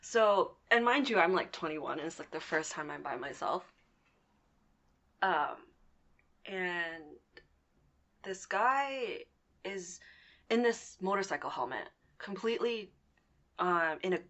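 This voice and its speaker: A young woman in her twenties telling a personal story on a podcast in a casual, animated way, swearing now and then. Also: fairly low pitch, slow, pauses often. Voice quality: lively, animated retelling with swearing and laughs. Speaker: podcast guest.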